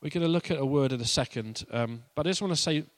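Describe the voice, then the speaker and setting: A man's voice: fairly high pitch, fast talker, no echo. Playful, conversational male preacher. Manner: conversational and playful, with laughs and asides. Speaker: pastor. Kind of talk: sermon.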